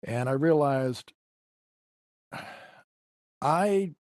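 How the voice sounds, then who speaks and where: A man's voice: a little high, very slow, a little mellow, no echo. A man appears as a guest musician in a podcast interview. He tells personal stories in a reflective, emotional way. The recording is dry and close. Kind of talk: storytelling interview.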